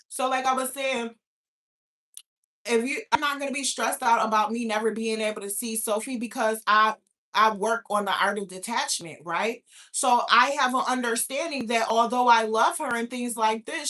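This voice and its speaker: A woman's voice: fairly high pitch, bright, forceful tone. A young woman from New York hosting a livestream, ranting casually with heavy profanity and talking back to her chat. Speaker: livestream host.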